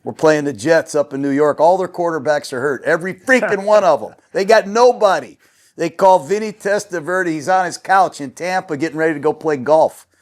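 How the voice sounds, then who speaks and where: A man's voice: fairly high pitch, brisk. A man hosting a casual sports interview, talking bluntly and jokingly with plenty of swearing. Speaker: host.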